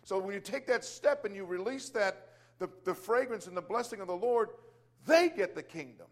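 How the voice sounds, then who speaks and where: A man with a notably high voice shares a casual faith testimony in a loose, rambling way. He restarts his sentences, leans on fillers, and breaks out into exclamations of praise as he goes. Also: expressive, brisk. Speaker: Christian business owner sharing testimony.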